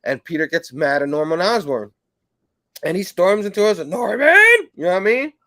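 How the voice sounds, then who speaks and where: Guy chatting about comics, kinda high voice, dry close sound, lots of "you know what i mean". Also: a little fast, no echo. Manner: rambling, filler-heavy, animated when acting out quotes. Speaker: comic book show host. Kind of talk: casual comic review chat.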